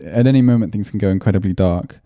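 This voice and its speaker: A man's voice: on the low side, fast talker, dark tone, no echo, studio quality. A man co-hosting a film podcast, chatty, often acting out lines from scenes and laughing. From London. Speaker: podcast co-host. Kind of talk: casual film discussion.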